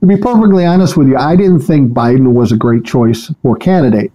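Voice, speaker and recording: An older man from Minnesota, a podcast guest, talking in a calm, measured, low-key way in casual chat. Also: poor audio.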